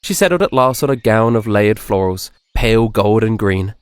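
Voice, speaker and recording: A man narrating a fantasy story in a measured, soft-spoken, descriptive scripted style. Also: on the low side, lively intonation, clear, resonant tone, no room sound, clean studio sound.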